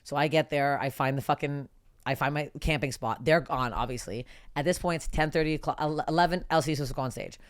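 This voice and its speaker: A woman in her thirties from Canada, telling a wild story on a podcast in an animated, profane way with many restarts. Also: low-pitched, quick pace, no room sound, studio quality. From Toronto, Canada. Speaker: podcast guest comedian. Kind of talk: casual storytelling.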